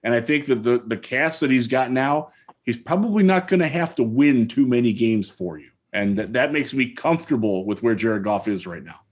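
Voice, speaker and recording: A man's voice: medium pitch, expressive, moderate pace. A man co-hosting a podcast from home, talking through football plays in detail in a casual chat. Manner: thoughtful, detailed football analysis. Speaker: podcast co-host.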